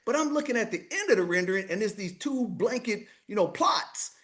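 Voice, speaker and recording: A man in his fifties with a high voice spins a story for a podcast host. He acts out every back-and-forth and keeps saying "I said" between the lines. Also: a little fast. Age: 50s. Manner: animated, acts out the dialogue, keeps repeating "I said". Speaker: guest, money coach.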